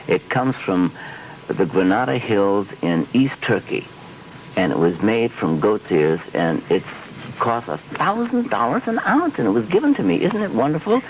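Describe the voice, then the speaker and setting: A man putting on the voice of a secretary gushing about her expensive perfume, in a high, mock-sweet tone. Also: big pitch swings, normal speed. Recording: dull lo-fi archive audio with faint hiss.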